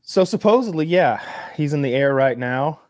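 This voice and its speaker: A man's voice: fairly high pitch, expressive, normal speed, darkish tone, no echo, studio quality. A man on a casual chat podcast, telling stories in a rambling way with many restarts and fillers. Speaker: podcast co-host.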